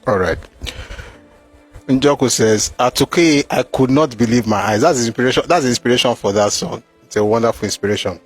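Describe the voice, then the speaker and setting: A man's voice: mid-range voice, a little fast, faint music behind. A man reading passages from a war memoir aloud and breaking off with mocking, emphatic asides.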